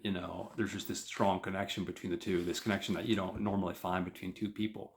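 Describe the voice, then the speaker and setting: A podcast host casually retelling a TV episode, rambling and leaning on lots of fillers. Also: male voice, sits low, little pitch movement, fast talker, gravelly, few pauses.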